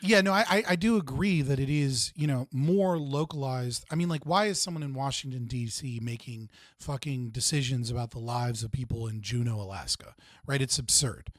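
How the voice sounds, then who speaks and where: Animated young man on a dry mic. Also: mid-range voice, normal speed, no room sound. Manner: animated storyteller, swears freely, does excited voices in anecdotes. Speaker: livestream host. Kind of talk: casual political discussion.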